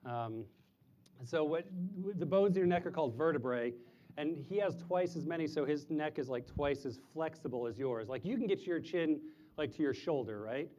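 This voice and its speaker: A man's voice: lively intonation, moderate pace, dark tone, lo-fi sound, slight background noise. A man presenting live animals to a group of children, chatty and explaining in simple terms, sometimes hooting like an owl. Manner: imitates owl hoots in a high voice. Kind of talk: live animal show for kids.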